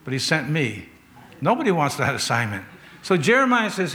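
A man's voice: a little high, sing-song, a little fast, sharp tone. A man preaching a sermon in an earnest, conversational way, telling stories and asking rhetorical questions.

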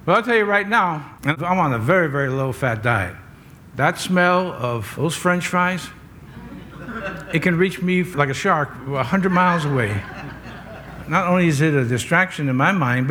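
Older pastor preaching in a fairly high voice. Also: male voice, fairly bright tone. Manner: conversational preaching with wry asides. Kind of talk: sermon.

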